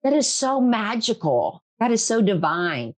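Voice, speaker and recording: A woman's voice: on the high side, very animated, a little slow. A middle-aged woman hosting her own podcast, talking earnestly and emphatically, repeating herself for stress and often laughing. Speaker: podcast host. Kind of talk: emotional interview chat.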